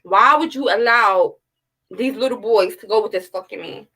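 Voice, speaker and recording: A woman's voice: mid-range voice, normal speed, a bit bright, low-quality recording. A woman, giving blunt, heated, profane commentary in a casual livestream. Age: 30s. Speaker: true-crime commentary host.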